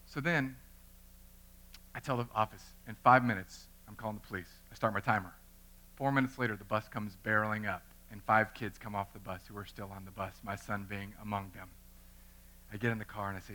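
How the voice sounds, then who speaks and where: Bright-voiced man preaching a sermon. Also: lowish voice, brisk. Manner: animated storytelling, acting out voices. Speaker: pastor. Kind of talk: sermon with personal story.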